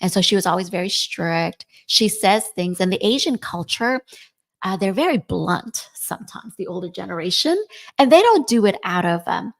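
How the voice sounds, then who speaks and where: Gravelly-voiced woman in her forties. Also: mid-range voice, animated, normal speed. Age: 40s. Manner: chatty, often ends points with "right?". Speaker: podcast co-host. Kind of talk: casual podcast chat.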